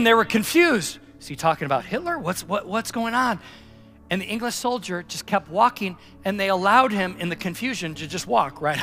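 A man preaching with a high, ringing, bright voice, building to loud emphatic peaks and then sinking to a hushed tone in prayer. He tells his story like a practiced pastor, with faint music under him. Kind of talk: sermon.

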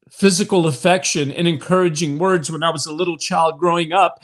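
Heartfelt middle-aged male preacher. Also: high voice. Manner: emotional, rising to impassioned peaks then dropping soft; direct address to viewers, frequent fillers. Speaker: online preacher leading prayer. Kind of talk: livestream devotional talk.

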